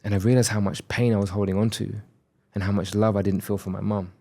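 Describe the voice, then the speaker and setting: Low-voiced man telling a personal story. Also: flat delivery, fast talker, creaky, warm tone. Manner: candid, reflective, acts out quoted dialogue. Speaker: podcast guest.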